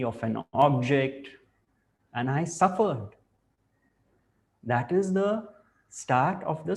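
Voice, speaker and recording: A man giving a spiritual talk, reflective and deliberate, weaving in a parable. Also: mid-range voice. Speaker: spiritual teacher.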